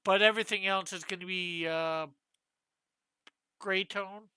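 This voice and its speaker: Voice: medium pitch, fairly even intonation, measured pace, bright, forceful tone, clean tone. A comic artist chatting casually with viewers on a live stream while drawing, thinking aloud and asking their advice.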